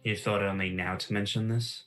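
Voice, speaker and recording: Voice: deep voice, fairly even intonation, moderate pace, a bit bright, faint music behind. Dry, wry tabletop player. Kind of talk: casual tabletop play.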